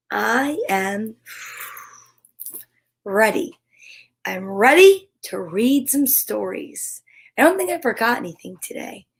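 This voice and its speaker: A woman hosting a children's story time, talking in an upbeat, gentle, affirming way. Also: medium pitch, low-quality recording. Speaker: host reading children's books.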